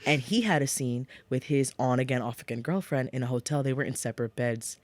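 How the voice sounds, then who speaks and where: A young adult woman co-hosting a casual podcast chat, animated and acting out scenes with little voices. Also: a bass voice, a little fast, dry recording. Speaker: podcast co-host.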